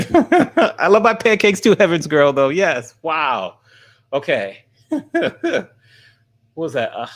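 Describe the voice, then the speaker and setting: A man streaming live, laughing often and thanking viewers by name as he gets through the questions. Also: on the high side. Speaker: streamer and college teacher.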